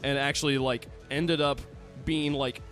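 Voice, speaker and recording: Animated American man, casual podcast chat. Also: mid-range voice, unhurried, soft background music. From United States. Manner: animated storyteller who acts out quoted voices. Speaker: podcast co-host.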